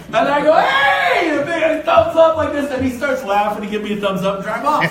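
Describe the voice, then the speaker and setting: An older man giving a motivational real estate talk to an audience, telling lively stories and breaking into shouts and laughs. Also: extremely high pitch, slight background noise. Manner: animated storyteller, shouts and laughs. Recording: echoey room from a distance.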